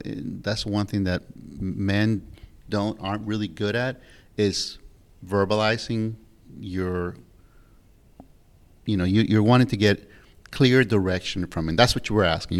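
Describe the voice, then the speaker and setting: A man hosting a podcast who speaks in a halting, thoughtful way with frequent restarts. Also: lowish voice. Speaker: podcast host. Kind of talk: casual podcast chat.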